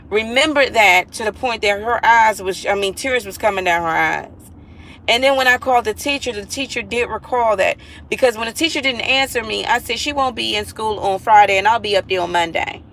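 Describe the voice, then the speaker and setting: A woman's voice: a little high, moderate pace, fairly bright tone, slight background noise, poor audio. A mother talking to viewers in a casual vlog monologue, earnest and emphatic, repeating herself and pleading with listeners.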